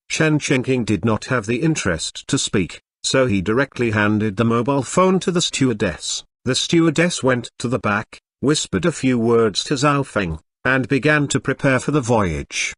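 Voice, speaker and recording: A text-to-speech male voice narrating a web novel audiobook in an even, synthetic reading. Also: mid-range voice, normal speed, hardly any pauses, no echo, clean studio sound.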